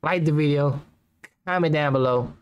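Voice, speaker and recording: A man's voice: a little high, moderate pace, clear, resonant tone, muffled recording. Slangy young man with a raised voice. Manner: rambling, slangy, laughs nervously between remarks. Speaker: YouTuber reacting to a video. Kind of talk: casual reaction commentary.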